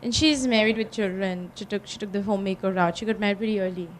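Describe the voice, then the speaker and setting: A businesswoman with an Indian accent, speaking on a panel and telling lively anecdotes with frequent laughter. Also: mid-range voice, quick pace, a little hiss or hum. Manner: animated storytelling, laughs often.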